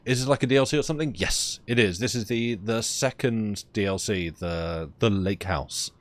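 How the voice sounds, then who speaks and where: A man's voice: lowish voice, normal speed. A man streaming a game, chatting casually with viewers and reading in-game documents aloud in a playful way.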